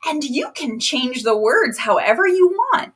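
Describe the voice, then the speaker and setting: A woman children's librarian leading a live online storytime from home, talking gently and encouragingly to young kids and explaining things simply over a laptop microphone. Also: sits high, big pitch swings, measured pace. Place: at home, laptop propped on a box.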